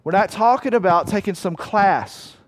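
A man preaching a sermon as pastor, animated, acting out voices and cries and repeating lines for effect. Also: sits high, normal speed. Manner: animated, acts out voices and cries, rhetorical repetition.

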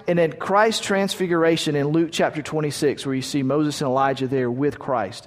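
A man's voice: a little high, a little mellow. Man preaching in a reverberant hall. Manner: conversational, retells stories with restarts. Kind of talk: sermon with scripture reading.

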